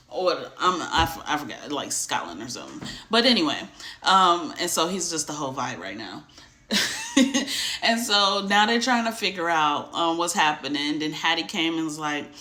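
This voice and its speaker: Woman, casual book recap, bright voice, echoey room, acts out quotes. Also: fairly low pitch, big pitch swings, normal speed. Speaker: book discussion host.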